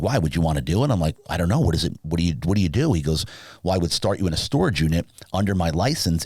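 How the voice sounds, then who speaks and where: A very low-voiced man tells a rambling personal story as a podcast guest. He gets animated and jumps his voice way up when he acts out dialogue. The sound is dry and close, with no room echo. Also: breathy edge. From Southern California. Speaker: podcast guest, sleep business founder. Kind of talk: casual storytelling interview.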